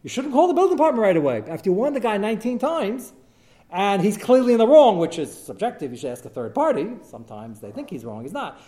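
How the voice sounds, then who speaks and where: A man with a somewhat high voice leads a Torah lecture as a rabbi. He tells his cases in lively, animated bursts, breaking off and restarting as he goes and dropping Hebrew and Yiddish words into his English. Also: fast talker. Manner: animated storytelling, mixing in Hebrew and Yiddish terms; talks in short bursts with frequent fillers and restarts. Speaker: rabbi answering questions of Jewish law.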